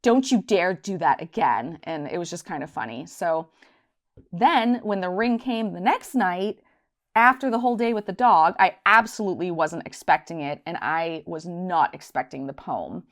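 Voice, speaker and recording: A woman's voice: on the low side, expressive, moderate pace, fairly bright tone. A woman vlogger telling a casual story time to her viewers, chatty and rambling, acting out the voices in her anecdote. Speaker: budgeting channel host.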